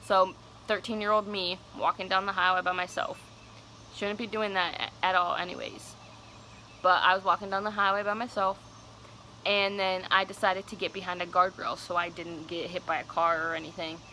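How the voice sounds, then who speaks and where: Bright-voiced young woman telling a story. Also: on the low side, little pitch movement, normal speed, a little hiss or hum, poor audio. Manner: casual, candid, swears freely. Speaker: vlogger. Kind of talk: storytime vlog.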